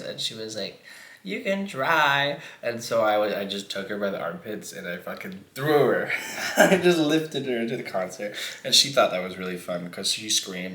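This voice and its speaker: A man's voice: on the low side, a bit bright. A man vlogging a mukbang, telling a story in a rambling, profane way and laughing often. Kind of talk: casual storytelling while eating. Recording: echoey room.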